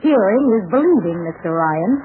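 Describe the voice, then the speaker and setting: A woman's voice: mid-range voice, big pitch swings, moderate pace, lightly acted. An actress playing a stout, stubborn young woman, snappish and contrary, in 1940s radio acting. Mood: sulky. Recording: tinny old radio broadcast with faint hiss.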